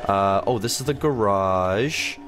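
A young man hosting a gaming channel, giving excitable, rambling gameplay commentary with frequent laughs and gasps. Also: fairly low pitch, takes it slowly, soft background music.

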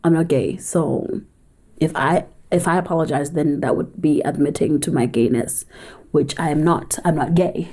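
South African woman, candid chatty vlogger, low mellow voice, emphatic storyteller. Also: moderate pace, breathy edge. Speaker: film reviewer and vlogger. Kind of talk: casual storytelling vlog.

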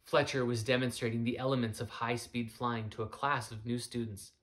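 A man reading a story aloud as narrator in a soft, measured way. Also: medium pitch, level tone. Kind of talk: audiobook narration.

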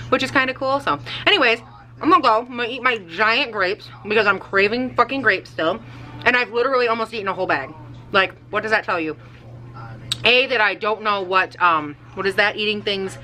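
A woman's voice: mid-range voice, pushed and bright, rough recording. A woman vlogging in a casual, rambling way at home in her kitchen, swearing often and saying "like" a lot. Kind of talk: casual chat.

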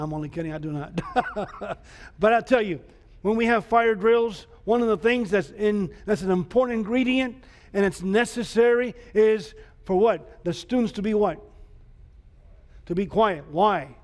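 A man preaching a sermon as pastor, emphatic, with repeated rhetorical questions to the congregation. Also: high voice. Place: church sanctuary. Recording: church hall reverb.

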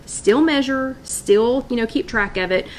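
Speaking a little slowly in a fairly high voice, this wellness workshop host runs a relaxed live stream over slight background noise. Her talk is chatty and meandering, full of repeats and restarts, and she calls out viewers by name.

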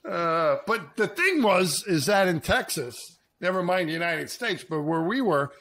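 A man's voice: sits high, very animated, measured pace, pushed and bright. A middle-aged man co-hosting a podcast, chatting easily with chuckles and frequent affirmations. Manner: easygoing, chuckling, lots of affirmations. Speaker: podcast co-host. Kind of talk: casual conversation.

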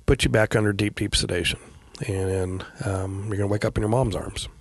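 Low gravelly middle-aged man, halting. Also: fairly even intonation, no room sound. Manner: quiet, halting, with many pauses and fillers. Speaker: guest, veteran paramedic. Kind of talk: personal storytelling in a podcast interview.

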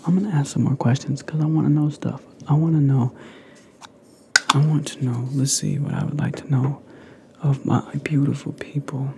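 Man, ASMR host, mellow gravelly whisper, playful and rambling, close-miked. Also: medium pitch, slight background noise. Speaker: ASMR creator.

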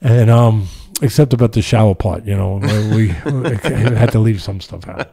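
A man's voice: lowish voice, normal speed, vocal fry, dark tone, husky. An older man, a boxing trainer, telling a story in rambling casual talk with many restarts. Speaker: boxing trainer and podcast guest.

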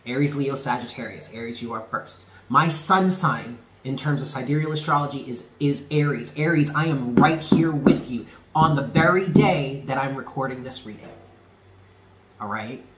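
A man giving a spoken tarot reading, earnest and emphatic, often repeating himself and dropping low on key words. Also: echoey room, slight background noise. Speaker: tarot reader.

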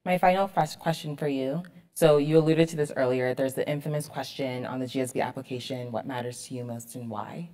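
A young woman, a business school student, interviewing a guest on stage and asking her questions in a measured way. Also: extremely low pitch, warm tone. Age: young adult. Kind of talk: onstage interview.

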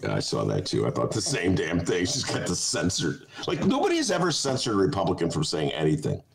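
A man's voice: low voice, wildly swooping pitch, brisk, gravelly, a loud crowd, rough recording. A man hosting a talk show, giving casual comic commentary in a digressive way and often breaking into laughter.

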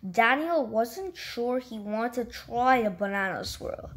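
A woman's voice: a little high, expressive, slow. A woman reading a children's storybook aloud in an unpolished way, stumbling and restarting. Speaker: story reader. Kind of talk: read-aloud storybook narration.

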